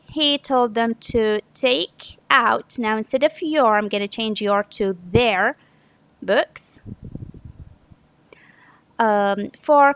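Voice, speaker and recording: Her voice sits on the high side and sounds a bit bright as this Saudi woman teaches English grammar, explaining patiently one step at a time and often correcting herself. There's no room sound, and the audio is poor.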